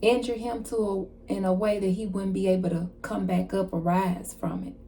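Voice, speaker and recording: A woman card reader giving a casual channeled message, retelling a story in an animated way with slang and asides. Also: medium pitch, moderate pace, a little hiss or hum.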